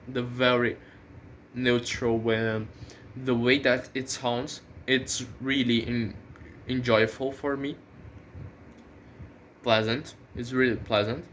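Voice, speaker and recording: A man's voice: mid-range voice, fairly bright tone, a little hiss or hum. A man who is not a native English speaker, hosting his own channel and thinking aloud in a casual vlog, with many fillers and restarts. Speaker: channel host.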